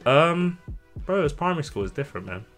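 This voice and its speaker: A young man from London, co-hosting a casual podcast and telling stories in an animated way, swearing freely and acting out what people said. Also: on the high side, fast talker, faint music behind. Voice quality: swears freely, animated storytelling with acted-out quotes. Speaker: podcast co-host. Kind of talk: casual chat.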